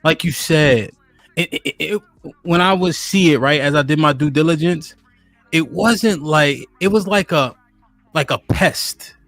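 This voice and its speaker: A man hosts a live-stream podcast, chatting casually in a laid-back, slangy way. His slightly high, fairly bright voice moves unhurriedly, captured dry on a studio microphone with soft background music.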